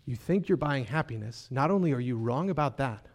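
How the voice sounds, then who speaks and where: A man's voice: medium pitch, expressive, brisk. A man preaching a sermon in a conversational way, often checking in with the congregation with rhetorical questions. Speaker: pastor.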